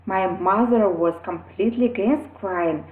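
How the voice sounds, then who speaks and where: A woman talks earnestly and gently about her experience as a mother, pausing often and restarting her sentences. The sound is thin and phone-like, as if squeezed through a narrow line. Her voice rings in a noticeably echoey room. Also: medium pitch. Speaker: mother sharing parenting experience. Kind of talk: earnest personal talk to camera.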